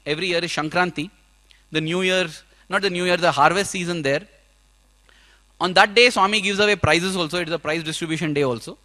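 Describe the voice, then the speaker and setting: A young man giving a personal storytelling talk at a conference, acting out his own past prayers and dialogue. He swings between loud outbursts and hushed low passages. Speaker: speaker at a youth conference. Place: conference hall.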